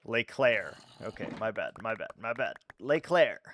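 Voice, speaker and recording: A man's voice: lowish voice, sing-song, unhurried, fairly bright tone, slight background noise. A man streaming live and chatting casually with his viewers, laughing often and stammering through his reactions.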